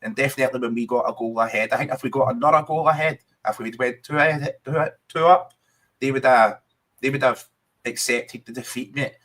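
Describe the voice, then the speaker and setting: A man's voice: medium pitch, fairly quick, a bit bright. Chatty Scottish man talking football. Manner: chatty, keeps saying mate. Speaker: podcast co-host. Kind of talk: casual football chat.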